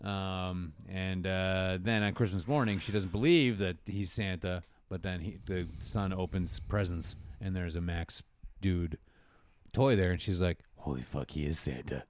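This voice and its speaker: A man's voice: low-pitched, fairly even intonation, a little slow, clear, resonant tone, dry recording. Chatty man who laughs a lot. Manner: laughs often, mimics characters in exaggerated voices. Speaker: podcast co-host recapping a movie. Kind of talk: casual chat.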